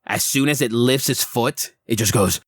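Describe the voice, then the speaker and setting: A man narrating a tabletop game as game master, describing scenes in an unhurried, descriptive way. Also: mid-range voice, no echo.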